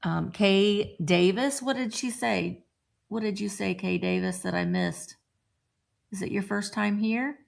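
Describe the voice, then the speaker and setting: Chatty gravelly-voiced woman hosting a live chat. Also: medium pitch, measured pace. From Indiana. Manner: chatty, greets viewers by name. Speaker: live-stream host.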